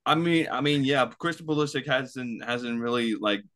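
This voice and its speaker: A man's voice: mid-range voice, moderate pace, fairly bright tone. A man in a casual panel chat, hesitant, stammering and restarting his sentences.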